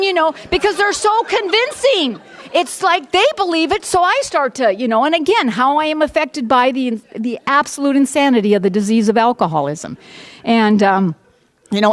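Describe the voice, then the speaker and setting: An older American woman tells her story bluntly, with salty asides and lively swings in her voice. Her voice sits at a middling pitch and sounds dry and close, with no room echo. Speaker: speaker sharing her story. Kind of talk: personal testimony talk.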